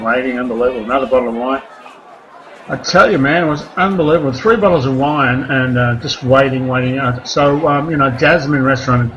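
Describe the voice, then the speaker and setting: A man's voice: medium pitch, poor audio. Man doing rambling stand-up. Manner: rambling, deadpan one-liners with crude asides. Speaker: stand-up comedian. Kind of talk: stand-up comedy set. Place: comedy club stage. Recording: live club recording with crowd noise. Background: audience laughter and room noise.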